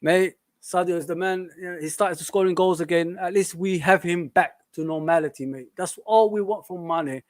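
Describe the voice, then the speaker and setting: A high-pitched man talks over a live football match in casual watch-along chat. He gets excitable and frustrated, calling out the players. The sound is dry and close. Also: normal speed, hardly any pauses, no room sound.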